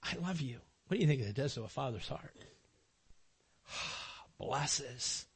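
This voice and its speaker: A middle-aged man and pastor preaching a sermon in a church sanctuary, animated and emotional, repeating phrases for emphasis. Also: medium pitch, slow, breathy edge.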